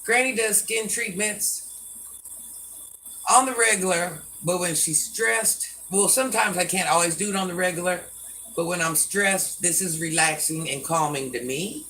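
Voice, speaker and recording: A woman's voice: lowish voice, normal speed, pushed and bright, a little hiss or hum. An older woman hosting a casual livestream, answering viewer comments bluntly and sassily, often talking about herself in the third person. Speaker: livestream host.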